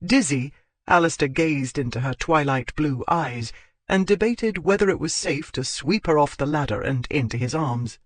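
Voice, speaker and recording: A man narrating a historical romance audiobook in a steady, measured reading. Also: fairly high pitch, no room sound.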